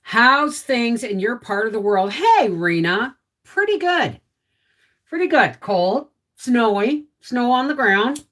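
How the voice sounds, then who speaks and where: Woman, homestead livestream host, casual and chatty, pitch swings up and down a lot. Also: animated, slow, hardly any pauses, a bit bright. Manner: chatty, reads out viewer names, talks to her dog. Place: at home.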